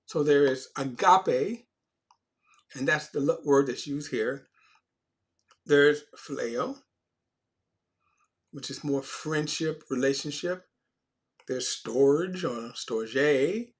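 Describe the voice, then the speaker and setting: A man teaching an informal Bible class in a conversational way, often restarting phrases and stressing key words. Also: on the high side.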